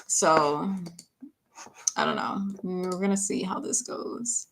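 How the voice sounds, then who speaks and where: A woman's voice: lowish voice, expressive, slow pace. A woman singer chatting casually on a livestream while mixing her own vocals, laughing often and saying "like" a lot. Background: faint music playback.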